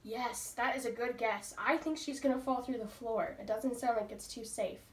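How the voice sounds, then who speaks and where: A woman's voice: fairly high pitch, fairly even intonation, normal speed. A woman teacher reading a book aloud to her class and stopping patiently to ask the pupils questions. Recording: roomy, from far off.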